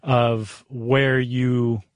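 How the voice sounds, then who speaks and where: A man's voice: mid-range voice, flat delivery, drawn-out words, dry recording, studio quality. A middle-aged man with a General American accent, hosting a podcast in casual, teasing chat. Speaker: podcast host.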